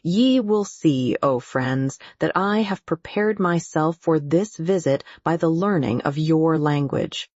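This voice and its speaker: A woman's voice: sits low, slow, hardly any pauses, a little mellow, no room sound. A woman voicing a middle-aged male hunter who speaks to frightened strangers in a pompous, imperial tone. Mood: grandiose. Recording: dull, muffled audio.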